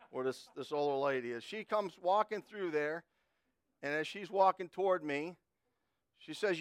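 A man's voice: a little high, moderate pace, fairly bright tone, no echo, clean studio sound. A middle-aged man preaching a sermon in a folksy, conversational way, telling a personal story and often restarting his words.

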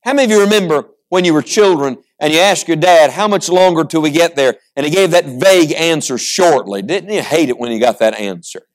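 A middle-aged male pastor preaching a sermon, reading scripture slowly and then pressing his points with rising intensity. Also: fairly high pitch, animated.

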